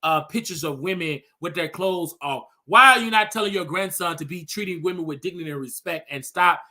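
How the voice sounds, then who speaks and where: A man's voice: a little high, a little fast, pushed and bright. A man in his thirties hosting a show, delivering a sassy, scolding rant in a dramatic manner. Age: 30s. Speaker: show host. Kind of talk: ranting commentary.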